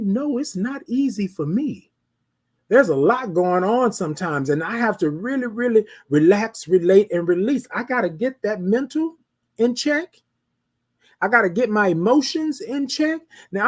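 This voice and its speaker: Husky host giving a motivational pep talk. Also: medium pitch. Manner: repetitive, preacherly, asks the audience rhetorical questions; addresses listeners as ladies and gentlemen. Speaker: host of a live show.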